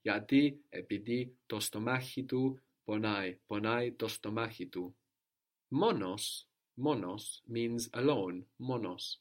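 Male language tutor with a lower voice; patient, question-and-answer teaching. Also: measured pace. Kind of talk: language lesson.

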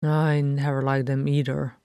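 A woman's voice: a bass voice, flat delivery, measured pace, dark tone, smooth, no room sound. A woman reading an anxious young dwarf prince. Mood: rueful. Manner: urgent, questioning. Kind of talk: audiobook fan fiction reading.

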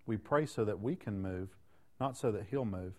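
A man's voice: on the low side, normal speed, warm tone. Folksy male preacher in his thirties. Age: 30s. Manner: folksy, conversational preaching with rhetorical questions to the congregation. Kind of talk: sermon.

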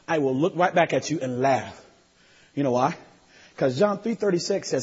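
A man preaching with a high, husky voice that turns animated and shouts at the big moments. His sermon rings out through a long, echoing hall. The recording sounds dull and lo-fi. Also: normal speed. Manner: animated, laughing, shouts at peaks.

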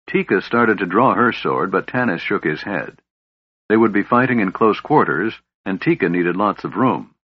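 A man's voice: low-pitched, slightly rough, no room sound, highs cut off. A man steadily narrating a fantasy audiobook with a dramatic reading.

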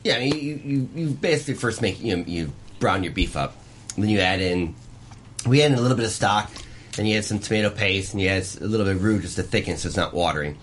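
Chatty man with a lively voice. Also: fairly low pitch, fast, slight background noise. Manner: enthusiastic, talks through recipes with many restarts. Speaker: pie shop owner guest. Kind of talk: casual chat.

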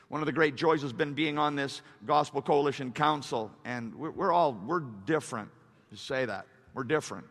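A man's voice: medium pitch, normal speed, creaky. Preaching man in a reverberant hall. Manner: preaching with sudden loud surges and soft confessional stretches. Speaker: pastor. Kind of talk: sermon.

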